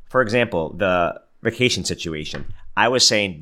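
A man's voice: low-pitched, animated, normal speed, sharp tone. A man in his thirties hosting a podcast, telling a personal story in a chatty, self-mocking way with lots of filler words. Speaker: podcast host. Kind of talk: casual motivational monologue.

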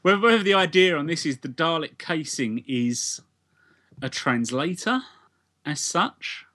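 Bright-voiced British man reasoning aloud. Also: on the high side, expressive, a little slow. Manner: analytical, questioning. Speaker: podcast co-host. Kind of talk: casual review chat.

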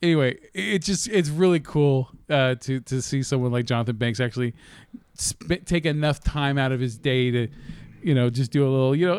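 A man's voice: mid-range voice, brisk, darkish tone, clean tone, no echo. A man co-hosting a podcast in casual chat, rambling, swearing and laughing often. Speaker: podcast co-host.

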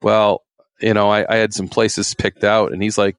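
A man's voice: lowish voice, flat delivery, normal speed, smooth, dry recording. A man, a former game warden, telling stories in a rambling, folksy way with many fillers. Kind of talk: casual storytelling interview.

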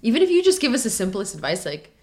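A woman's voice: medium pitch, sing-song, racing. A woman co-hosting a podcast in casual chat, playful and teasing, laughing often. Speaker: podcast co-host.

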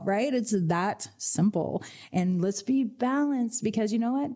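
A woman financial advisor hosting a radio finance show, telling lively client stories and acting out their reactions. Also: on the high side, unhurried. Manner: energetic storyteller, acts out client voices.

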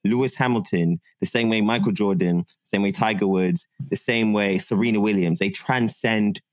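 A man chatting casually on a podcast, animated and given to loud bursts of laughter. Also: on the low side, moderate pace, dry recording. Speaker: podcast guest. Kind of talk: casual chat.

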